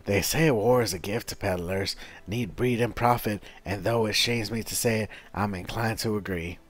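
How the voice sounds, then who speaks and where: Guy doing a rambly folksy merchant guy, roughish talk, lowish voice. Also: moderate pace, lightly acted. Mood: chatty. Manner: rough-edged folksy speech, rambling and boastful. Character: chatty folksy male traveling merchant. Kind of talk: reading game dialogue aloud in a voice.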